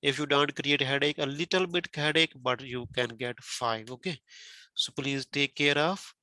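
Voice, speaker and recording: A man's voice: mid-range voice, fairly even intonation, moderate pace, pushed and bright, dry recording. Man teaching in non-native English. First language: not English. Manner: careful, repetitive teaching with questions to the student. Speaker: test prep teacher. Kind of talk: explaining exam criteria.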